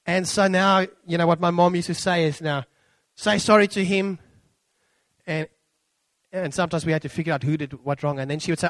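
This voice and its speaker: A middle-aged man preaching a sermon, animated and acting out quotes with big swings in pitch. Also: brisk, no echo.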